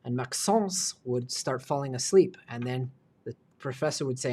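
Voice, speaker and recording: Male streamer working indoors on a hobby build, chatty and self-mocking, mid-pitch voice. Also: moderate pace, mellow, slight background noise. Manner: muttering to himself, self-deprecating, chatty asides. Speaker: livestream host. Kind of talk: live build stream, thinking aloud.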